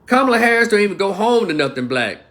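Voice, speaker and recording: His voice high, bright and forceful, this Memphis commentator swings widely in pitch and talks quickly. He's ranting hotly about his opinions on a livestream, cursing often and speaking straight to his viewers.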